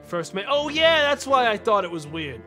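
A man with a high, bright, forceful voice streams a mystery game, reasoning aloud and talking straight to his chat. Game music plays faintly behind him. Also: very animated, normal speed. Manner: thinks aloud, talks to chat. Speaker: gaming streamer. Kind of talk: casual live-stream commentary.

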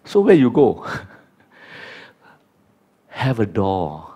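Animated preacher, Chinese-native man. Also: lowish voice, drawn-out words, slightly rough. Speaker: pastor. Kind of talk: sermon.

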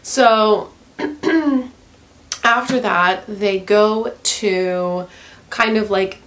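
A woman's voice: mid-range voice, drawn-out words, a bit bright, a little hiss or hum. A woman vlogger giving a casual, profane book review rant, using "like" constantly. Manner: frank and profane, heavy use of "like".

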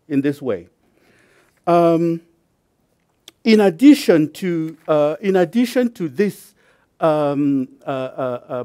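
A man lectures slowly and a little high, pausing often on fillers and repeating words as he explains. His delivery is careful and deliberate. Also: mellow. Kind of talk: university lecture.

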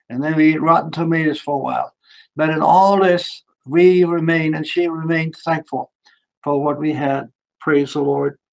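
An older preacher with a German accent gives a sermon testimony about his childhood, his voice on the high side and creaky. He builds to fervent, emphatic preaching, and the audio quality is poor.

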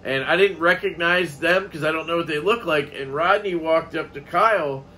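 A man with a fairly high, bright, forceful voice, chatting in a loose, rambling vlog style. He swears casually and drifts from one thought to the next. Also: moderate pace, slight background noise. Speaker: knife collecting vlogger. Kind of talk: casual chat.

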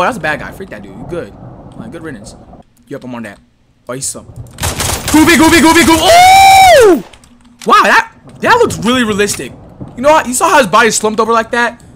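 Excitable young man yelling over gunfire. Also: high-pitched, fast, slight background noise. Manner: excitable, yelling at enemies, slangy. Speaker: gaming YouTuber. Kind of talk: casual gameplay commentary. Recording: loud gunfire from the game behind.

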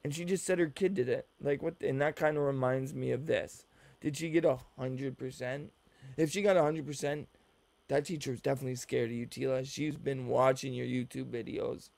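A man's voice: mid-range voice, steady tone, fairly quick, gravelly, a little mellow, no room sound. A man giving teasing, profane reaction commentary while watching a video. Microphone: desk mic, looking at a screen.

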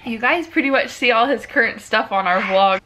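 A young woman, a mom, chatting casually in a home video about her baby, sick at the moment, and sometimes cooing to him in a high sing-song voice. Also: moderate pace, pushed and bright. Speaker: mom vlogger. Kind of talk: casual baby update vlog. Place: home living room. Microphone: camera on a tripod.

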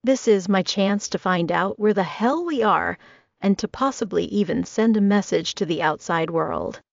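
A woman narrating a first-person audiobook with a steady, dramatic reading. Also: mid-range voice, moderate pace, creaky, dry recording. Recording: dry, slightly muffled recording.

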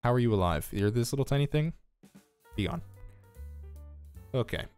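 A man's voice: mid-range voice, lively intonation, very fast, darkish tone, clean tone, faint music behind. A tired man from the United States giving casual, joking live-stream commentary on a strategy game and reading chat aloud. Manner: chatty, reads chat aloud, joking asides.

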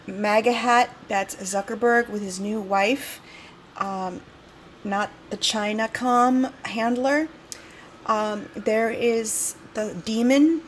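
A woman, a cartoonist, rambling and halting as she casually explains her own political cartoons to viewers. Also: fairly high pitch.

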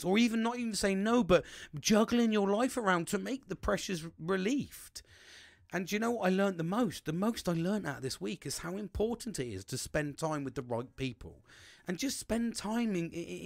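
A man's voice: gravelly, no echo, studio quality. A middle-aged man hosting a podcast, rambling and swearing in a casual monologue. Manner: rambling, swears a lot, animated swings in pitch. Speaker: podcast host.

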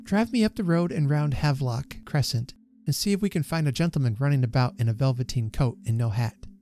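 A woman's voice: rumbling low, brisk, mellow, faint music behind. A man reading aloud, voicing a fussing Victorian housewife in a raised, plaintive tone. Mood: urgent.

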